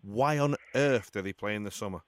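Radio football host, jokey presenting, smooth resonant voice, dry studio sound. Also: male voice, on the low side, fairly quick, no echo. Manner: jokey, laughs often.

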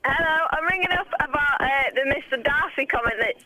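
A woman's voice: high voice, fairly quick, a crowd in the background. A female radio caller who speaks emphatically and cheerfully. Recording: noisy phone line.

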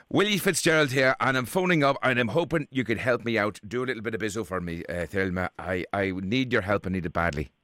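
A man's voice: on the low side, brisk, a bit bright, dry recording, natural voice. Male host as Irish prankster Willie, chummy and rambling, dry booth sound. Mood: pleading. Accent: Irish, put on. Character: Irish man Willie Fitzgerald, pushy prank caller. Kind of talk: prank phone call.

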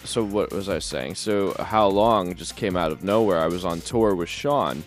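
A man being interviewed as a guest singer on the radio, relaxed, joking and self-deprecating. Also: sits low, normal speed, soft background music.

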